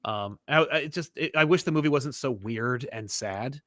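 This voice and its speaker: A man hosting a casual chat about comics, animated, often restarting sentences and acting out quoted lines. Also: medium pitch, moderate pace, no room sound, studio quality. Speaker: podcast host.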